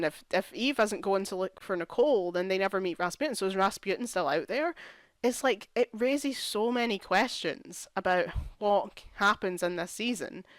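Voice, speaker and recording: A woman's voice: mid-range voice, no room sound. A young woman vlogger casually reviewing a TV series, ranting in exasperation and saying "like" a lot. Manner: exasperated, ranting, heavy use of "like". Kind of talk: casual chat.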